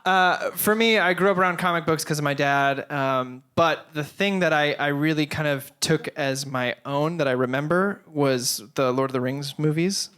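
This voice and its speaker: Man, live panel co-host, somewhat high voice, rambling and eager. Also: normal speed, few pauses, a bit bright, clear, resonant tone. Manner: rambling, self-correcting, enthusiastic. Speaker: podcast co-host. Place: live studio stage with audience.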